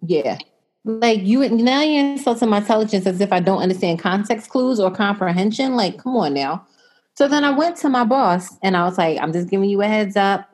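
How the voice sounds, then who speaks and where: A young adult woman with a medium-pitched voice speaks at a normal speed. She chats casually while telling a long story, animatedly acting out what people said and quoting herself and others in different voices.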